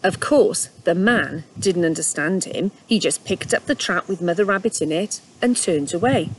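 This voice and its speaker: A woman's voice: fairly low pitch, moderate pace, hardly any pauses, slight background noise, low-quality recording. A woman reading a children's book aloud at home, narrating expressively with small asides. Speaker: storyteller.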